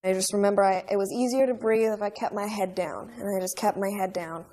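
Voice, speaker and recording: A woman in her twenties recalling a terrible childhood event in an interview, speaking in a halting, earnest and quietly intense way. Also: mid-range voice, steady tone, a little hiss or hum. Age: 20s. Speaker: crime survivor interviewee. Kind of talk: emotional interview recollection.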